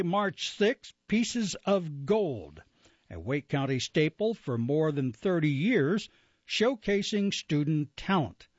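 Announcer, male, animated sing-song delivery of event listings, dry and slightly muffled sound. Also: on the high side, no room sound. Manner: lively, self-correcting, with asides. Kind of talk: reading an events calendar.

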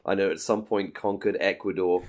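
A man's voice: low voice, fairly even intonation, brisk. A man from England co-hosting a podcast, chatting casually with wry jokes and playful asides. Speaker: podcast co-host. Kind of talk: casual review chat.

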